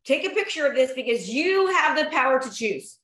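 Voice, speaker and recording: A woman's voice: high-pitched, big pitch swings, a little fast, fairly bright tone. A woman giving a motivational talk to a live audience, emphatic and repetitive as she coaxes the crowd. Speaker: motivational speaker. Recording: echoey room.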